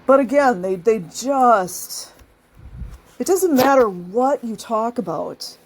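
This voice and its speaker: A woman's voice: on the high side, animated, takes it slowly, a little mellow, husky. A woman hosting her own channel, talking casually to her viewers. She laughs often and acts out the people she describes. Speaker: channel host.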